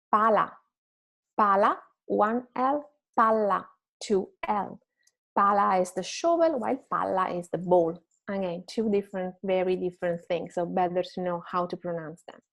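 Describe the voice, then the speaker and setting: A woman's voice: mid-range voice, creaky. A woman with an Italian accent, a native Italian speaker, teaching a pronunciation lesson, patiently repeating word pairs and checking in with listeners. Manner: patient, repeats words slowly for contrast, frequent checking "right?". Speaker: Italian language instructor. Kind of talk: recorded language lesson.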